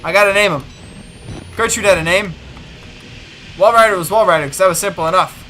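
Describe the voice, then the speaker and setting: Jittery high-voiced gamer swearing. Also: male voice, a little fast, bright, forceful tone, a little hiss or hum. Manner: jittery, muttering, swearing, talking to himself. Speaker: let's play gamer. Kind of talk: horror game commentary. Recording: game music behind voice.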